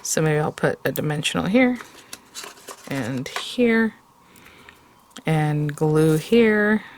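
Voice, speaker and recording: A woman's voice: deep voice, expressive, slow, slight background noise. A woman hosting a card-making tutorial, chatty and rambling, with many fillers and self-corrections. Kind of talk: casual crafting tutorial.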